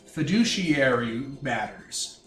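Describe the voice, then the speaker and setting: A man's voice: medium pitch, very animated, takes it slowly, fairly bright tone, recorded from a distance. A man voicing a smug male nobleman in a tabletop game, using a folksy, condescending Canadian-style drawl, recorded in an echoey room with faint music. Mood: chatty.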